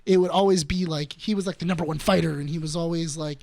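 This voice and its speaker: A man's voice: a little high, steady tone, quick pace, creaky, a little mellow, dry recording. A young man co-hosting a podcast, rambling casually about a movie and retelling its scenes. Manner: rambling, loose, lots of "like" and restarts, retells scenes. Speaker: podcast co-host. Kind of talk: casual movie review chat.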